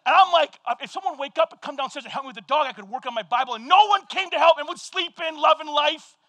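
A man with a very high voice preaches a sermon, swinging from quiet scripture reading into loud, animated storytelling. The sound is dry and close, with no room echo. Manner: animated storytelling, shouting at peaks, quick asides. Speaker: pastor.

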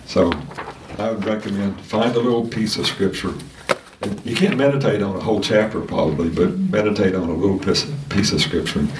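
Male Sunday school teacher, lower voice, halting delivery full of fillers, distant mic in an echoey room with faint noise. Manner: halting, many restarts and fillers. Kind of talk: casual church lesson. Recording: roomy sound from a distant mic.

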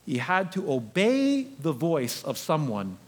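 A male pastor preaches a sermon with a high, lively voice that swings widely in pitch. He tells the story in a conversational, animated manner. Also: slow pace.

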